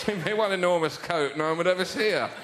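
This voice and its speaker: A man's voice: high-pitched, quick pace. An English man doing a stand-up routine on stage before a live audience, telling stories in a rambling, wry way. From England. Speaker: stand-up comedian. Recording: live show with audience noise.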